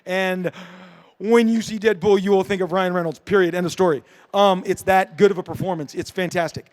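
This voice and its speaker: A middle-aged man, a comic book creator, answering audience questions at a convention panel with animated, joking storytelling. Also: high-pitched, fairly quick. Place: dark convention panel room.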